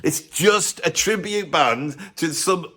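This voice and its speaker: A man, a drummer and music vlogger, giving a sarcastic, animated, opinionated rant to camera. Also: a little high, takes it slowly. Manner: sarcastic, animated, self-mocking.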